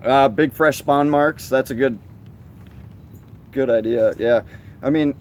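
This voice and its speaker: A man's voice: medium pitch, slow, darkish tone, a little hiss or hum. Chatty man on a live fishing stream. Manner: asks questions, chatty and loose. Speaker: fishing show co-host. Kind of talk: casual live-stream chat. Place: outdoors on a river at night.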